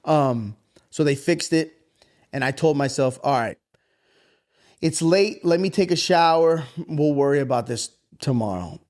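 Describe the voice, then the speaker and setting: With a voice on the high side and an unhurried pace, a man in his thirties who co-hosts a podcast spins a casually told, profane story, animatedly voicing the people in it.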